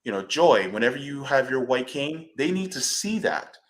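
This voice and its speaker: A man's voice: medium pitch, very animated, normal speed. A man speaking on a panel discussion, emphatic and blunt, swearing freely when he gets fired up.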